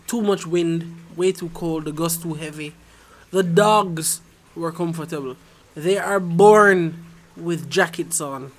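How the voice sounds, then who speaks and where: A man co-hosting a podcast outdoors at night, telling animated stories full of swearing and jokes. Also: a little high, slow pace. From Jamaica. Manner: animated storyteller, swearing and joking. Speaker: podcast co-host. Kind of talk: casual chat among friends.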